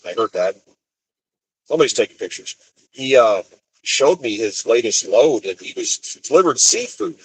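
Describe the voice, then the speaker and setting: A man's voice: fairly low pitch, poor audio. A man driving solo on the road, casually rambling through a story with many restarts. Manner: rambling, restarts sentences, retells conversations. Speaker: expediter truck driver. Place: inside a vehicle on the road.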